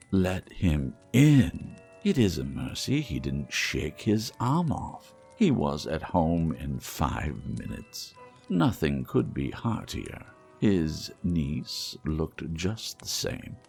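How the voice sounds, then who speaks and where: A man reading a classic story aloud, expressive and dropping to hushed asides. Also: very deep voice, slow, creaky, husky, soft background music. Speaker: audiobook narrator.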